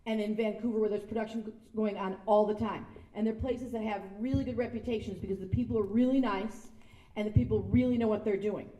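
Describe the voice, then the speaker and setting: A woman's voice: mid-range voice, steady tone, fast, mellow, far from the mic. A woman giving a casual speech at an event, chatty and self-deprecating, acting out the quotes in her stories. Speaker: guest speaker. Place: sound stage event space. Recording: echoey room.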